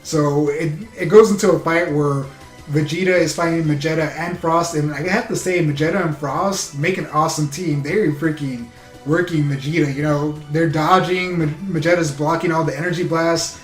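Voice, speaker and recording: A man giving a casual, excited episode recap as a reviewer, rambling with lots of fillers. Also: a little high, roomy sound. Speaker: anime reviewer.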